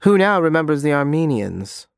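A man's voice: sing-song, normal speed, vocal fry, smooth, no room sound, clean studio sound. A man voicing a cold, menacing man. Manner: low and urgent. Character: menacing, coldly urgent adult man. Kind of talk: audiobook character voice.

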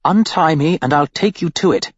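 A man's voice: fairly high pitch, moderate pace, breathy edge, no echo, lo-fi sound, voice pushed up. A man voicing a cunning, manipulative woman cult leader who pleads with her captor, in an audiobook. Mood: wheedling.

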